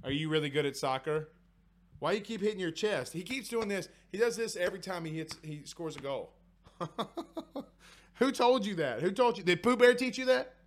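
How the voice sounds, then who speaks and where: Chatty man, slightly high voice. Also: lively intonation, normal speed, slight background noise. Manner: chatty, rambling, with many restarts and fillers. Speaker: sports talk show host. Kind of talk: casual live-stream chat. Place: at home.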